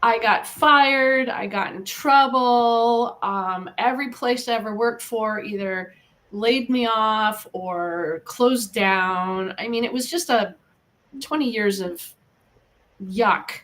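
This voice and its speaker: A middle-aged American woman with a fairly high voice talks as an interview guest. She tells her story in an earnest, lively way and encourages the listener. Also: takes it slowly. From United States. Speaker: guest, animal communicator. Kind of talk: casual interview talk.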